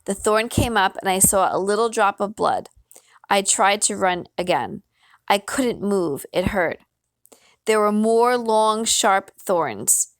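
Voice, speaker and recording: A woman's voice: medium pitch, slow, no room sound. Woman reading a children's novel aloud. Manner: steady storytelling with small slips and restarts. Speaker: reader.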